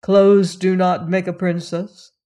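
Woman narrator doing humble young prince, solemn, hushed, devoted, low, unhurried. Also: flat delivery. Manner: hushed, solemn, old-fashioned speech.

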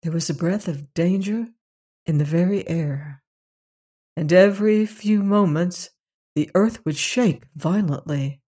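An audiobook narrator reading a children's story in an even, measured way. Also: medium pitch.

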